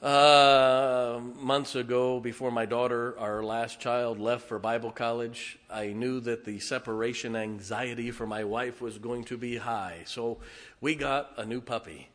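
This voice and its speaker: In a church sanctuary, a middle-aged pastor delivers a folksy sermon packed with jokes, emotional asides, and plenty of "uh" fillers. His medium-pitched voice is steady and a bit bright, moving at a measured pace.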